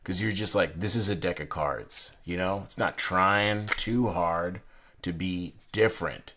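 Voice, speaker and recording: A man's voice: low voice, unhurried, sharp tone, a little hiss or hum. A young man chatting casually while reviewing a deck of playing cards, rambling from one story to the next with many fillers and restarts. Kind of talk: casual unboxing chat.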